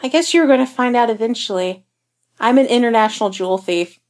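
A woman's voice: fairly high pitch, brisk, a little mellow, pitched above the performer's own voice, close to an everyday voice. A woman reading a fan story aloud and voicing a playful, flippant young woman who teases everyone. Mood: playful teasing. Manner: teasing, flippant, bubbly. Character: young woman, sassy and playful office worker. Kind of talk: fan fiction audiobook reading.

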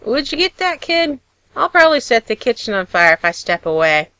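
A woman's voice: fairly high pitch, sing-song, brisk, pushed and bright, clean tone, no echo. Woman voicing a wry, nasal older general. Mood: joking. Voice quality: slightly nasal northern burr. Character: older man, wry easygoing retired general.

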